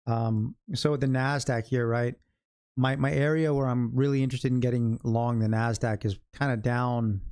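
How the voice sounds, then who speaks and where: The voice is medium-pitched with fairly even intonation, normal speed, and a darkish, clean tone. A middle-aged Californian trading-stream host, he chats loosely, jokes, strays into stories, and chuckles at his own asides.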